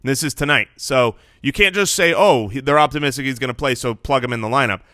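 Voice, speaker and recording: Male co-host, bright and crisp, earnest, confident, dry mic. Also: mid-range voice, quick pace, dry recording. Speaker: podcast co-host. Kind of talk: casual podcast chat.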